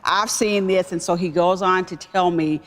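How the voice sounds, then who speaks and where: Low-voiced woman telling a story. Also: normal speed. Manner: emphatic, animated storytelling. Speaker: guest, business executive. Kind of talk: personal storytelling.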